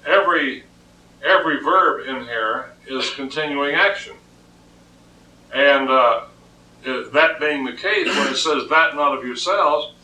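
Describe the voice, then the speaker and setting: A man's voice: medium pitch, pushed and bright, far from the mic. Man, sermon, emphatic, repeats himself, reverberant room. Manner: emphatic, repeats words while reasoning aloud. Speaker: preacher. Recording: echoey room, voice off-mic.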